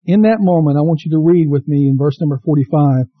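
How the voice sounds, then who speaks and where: Male pastor, high voice, impassioned sermon delivery, muffled dry recording. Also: fast talker, few pauses, dry recording. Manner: impassioned preaching, rising to cries; reads scripture aloud to the congregation.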